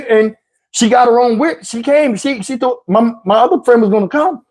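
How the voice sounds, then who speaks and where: A man hosting his channel, telling a comic story in an animated, profane way and acting out the other voices. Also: very high-pitched, normal speed. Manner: animated, profane, acts out every voice. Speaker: channel host.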